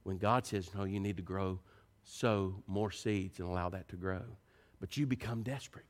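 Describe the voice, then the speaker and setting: A man's voice: normal speed, few pauses. Preacher man delivering a sermon. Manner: animated, rising to high excited pitch when telling stories.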